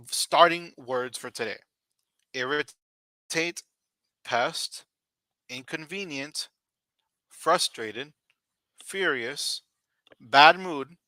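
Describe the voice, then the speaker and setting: Slow, bright-voiced male English teacher. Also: fairly high pitch, no room sound. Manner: slow, deliberate, repeats key words for learners. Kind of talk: live-streamed vocabulary lesson.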